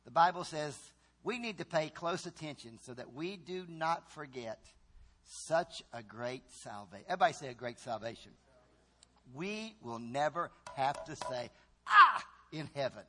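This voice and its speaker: High-voiced preacher with dramatic outbursts. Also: male voice, animated, normal speed. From Virginia. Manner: dramatic, shouts quoted cries and groans. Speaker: pastor. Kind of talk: sermon.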